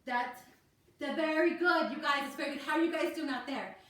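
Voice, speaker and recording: A woman with a high, sharp-toned voice keeps things brisk as she coaches children through a yoga class, cheering them on pose by pose. The mic is distant, picking her up off-mic in a room full of echo.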